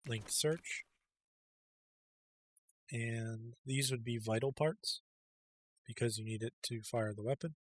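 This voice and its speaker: A man's voice: mid-range voice, steady tone, slow pace, long pauses, breathy edge. A man giving a casual, rambling video game tutorial voice-over, full of ums and uhs. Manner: rambling, filler-heavy, with many ums and uhs. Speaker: game guide creator.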